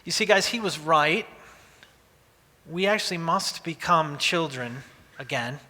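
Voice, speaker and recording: A man's voice: on the high side, animated, a little slow, bright, forceful tone. A pastor in his forties giving a conversational sermon, telling stories with frequent restarts. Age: 40s. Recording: long reverb of a large hall.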